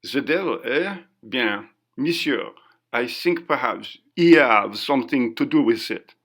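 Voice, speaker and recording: A man's voice: mid-range voice, animated, measured pace, a bit bright. A man voicing a stern, protective French head waiter who speaks broken English with a French accent.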